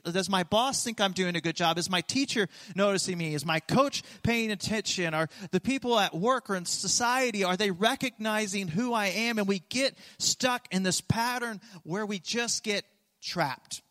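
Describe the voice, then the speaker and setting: A man's voice: sits high, pushed and bright. A man preaching a sermon as pastor, earnest and emphatic, repeating his key phrases for weight, in a church sanctuary. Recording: long reverb of a large hall.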